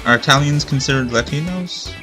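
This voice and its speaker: Music plays behind a man of medium pitch who talks fairly quickly. He casually narrates his game playthrough in let's-play fashion, thinking aloud, drifting between thoughts, and second-guessing himself.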